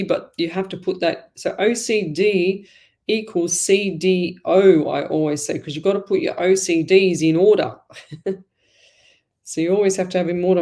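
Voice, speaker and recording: A woman's voice: lowish voice, a little mellow. Aussie woman doing live psychic readings from home, rambly and chatty, lots of ums and side stories. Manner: rambling, chatty, many fillers and asides. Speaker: psychic medium host.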